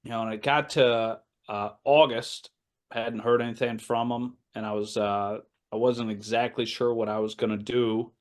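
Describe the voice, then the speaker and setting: Male, 30s, American, podcast guest, lively storyteller who voices other people. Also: medium pitch, normal speed. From United States. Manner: animated anecdote-telling, acting out quoted voices, laughs often. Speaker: assistant basketball coach, podcast guest. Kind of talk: casual storytelling in a podcast interview.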